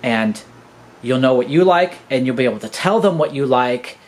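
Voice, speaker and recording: A man's voice: mid-range voice, expressive, normal speed, poor audio. A man in his fifties, a podcast host, gives an earnest, preachy teaching monologue and keeps calling his listeners "guys". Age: 50s.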